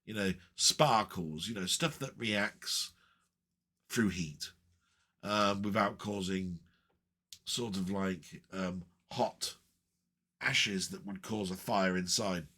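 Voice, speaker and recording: A man's voice: low-pitched, slow, long pauses, sharp tone, slightly rough. A man rambling in a casual, chatty way with frequent ums and asides as a retro gaming vlogger.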